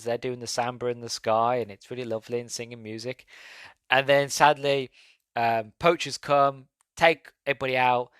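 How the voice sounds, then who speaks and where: A man talks through a film review from home in a casual, meandering way, with many fillers and restarts. His voice sits at a middling pitch. The recording is dry, with no room sound. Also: a bit bright, no echo. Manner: rambling, with frequent restarts and fillers. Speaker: podcast host.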